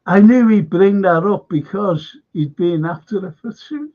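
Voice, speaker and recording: A man's voice: high-pitched, a little slow. A middle-aged man hosting a casual live stream, reading viewer comments aloud with a chuckle and the odd swear. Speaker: podcast host reading live chat. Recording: dull lo-fi stream audio.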